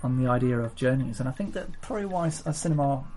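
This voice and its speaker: A man's voice: mid-range voice, expressive, fast talker, mellow. A man co-hosting a casual film chat podcast, talking in a rambling, playful way with many fillers. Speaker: podcast co-host.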